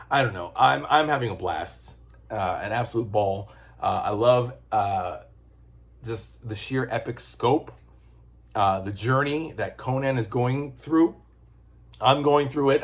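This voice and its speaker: A man casually reviewing comic books, rambling and excitable, swearing freely and restarting his sentences. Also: mid-range voice. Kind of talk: casual chat.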